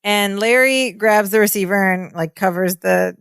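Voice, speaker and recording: A woman's voice: medium pitch, moderate pace, fairly bright tone, dry recording, studio quality. A woman co-hosting a podcast, retelling a sitcom episode in easygoing casual chat. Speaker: podcast co-host.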